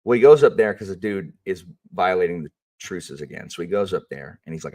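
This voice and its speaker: A low-pitched man talks casually about his teaching, animated and rambling, with plenty of fillers. He sits at some distance from the microphone. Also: fairly quick. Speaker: history teacher. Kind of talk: casual storytelling chat.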